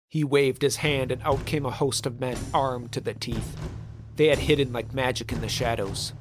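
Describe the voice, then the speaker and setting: A man narrating a dramatic legend in a measured, vivid storytelling manner. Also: mid-range voice, fairly even intonation, soft background music.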